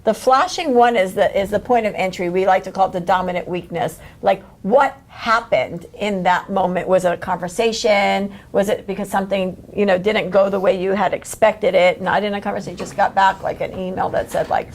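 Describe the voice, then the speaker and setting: Lady running a coaching workshop, lots of energy, laughs a lot, acts out little quotes, middle-pitched voice. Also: steady tone, fairly quick, hardly any pauses, slight background noise. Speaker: workshop leader.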